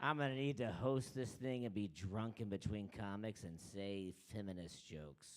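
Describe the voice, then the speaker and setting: On a live mic in a bar room, a man hosts an open mic comedy night, brash and crude as he teases the crowd between acts. He speaks at a moderate pace in a fairly low voice.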